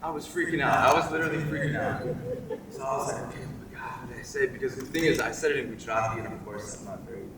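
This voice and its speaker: A man's voice: mid-range voice, rapid-fire. A young man telling a funny family story in a wedding speech, chatty and laughing along. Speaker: wedding guest telling an anecdote. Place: large wedding reception hall. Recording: echoey hall from far off, noisy.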